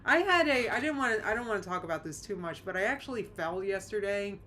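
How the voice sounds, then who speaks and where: A woman's voice: medium pitch, fast talker, slight background noise. A woman hosting a live react stream, chatting casually, exclaiming and reading out viewer comments. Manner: animated, exclaiming, reads chat aloud.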